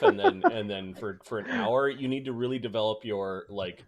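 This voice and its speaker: A man's voice: medium pitch, lively intonation, fairly quick, a crowd in the background. A man hosting and running a tabletop game, chatting casually with lots of fillers. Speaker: game master and host.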